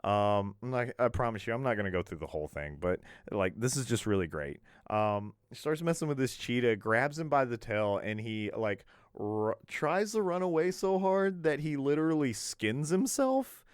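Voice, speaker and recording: A man's voice: medium pitch, big pitch swings, normal speed, few pauses, smooth, no room sound, studio quality. A man hosting a casual podcast, rambling with lots of fillers and chuckles, into a podcast mic. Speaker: podcast host.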